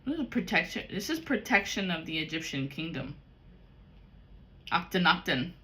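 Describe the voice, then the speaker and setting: A woman's voice: fairly low pitch, very animated, normal speed, sharp tone. A woman giving a casual spiritual tarot reading, blunt and profane, talking straight to the viewer. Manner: talks directly to the viewer. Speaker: tarot card reader.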